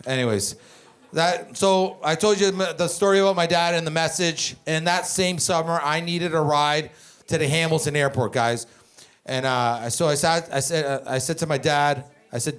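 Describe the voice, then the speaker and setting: A man in his twenties from Canada doing stand-up, telling family stories in a profane, animated, rambling way. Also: a little high, moderate pace, clean tone. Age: 20s. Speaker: stand-up comedian. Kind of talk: stand-up comedy storytelling.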